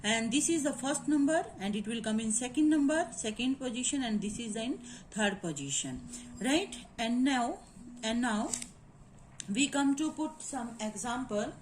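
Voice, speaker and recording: A woman teaching word stress in a halting lecture, with many fillers and quick Hindi asides. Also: fairly high pitch, lively intonation, a little hiss or hum, poor audio. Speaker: English literature teacher.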